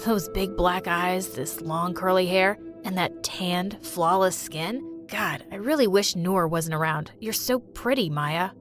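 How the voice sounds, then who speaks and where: A woman voicing a shy, smitten teenage schoolboy who speaks softly and earnestly. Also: on the low side, unhurried, hardly any pauses, music in the background, pitched below the performer's own voice, lightly acted. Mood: admiring. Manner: soft, earnest, admiring.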